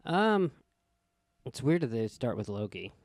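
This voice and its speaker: A young man co-hosting a casual podcast chat, low-key and deadpan in his replies. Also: measured pace, dry recording, clean studio sound. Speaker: podcast co-host.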